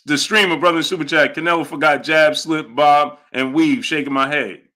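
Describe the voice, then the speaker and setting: A young man with a higher voice hosts a live boxing stream, talking fairly quickly. Animated and emphatic, he reads Super Chats aloud from viewers and repeats his points for effect.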